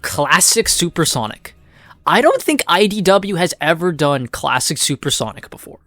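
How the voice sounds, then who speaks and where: A man's voice: a little high, sing-song, moderate pace, a bit bright, dry recording. A man giving a rambling, profane, casual recap of a comic, full of filler words. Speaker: comic reviewer.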